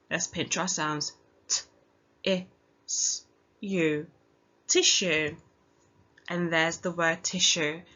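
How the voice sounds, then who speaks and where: A woman with a British accent teaching a recorded phonics lesson for young children, speaking slowly and clearly and sounding out each letter encouragingly. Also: on the low side, bright, forceful tone. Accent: British English. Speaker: primary school teacher. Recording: dull lo-fi home recording.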